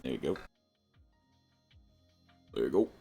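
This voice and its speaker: A young man chatting casually while streaming a game, rambling and often breaking into high-pitched laughter. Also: lively intonation, slow pace, gravelly, mellow, husky, soft background music. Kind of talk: casual livestream gaming chat.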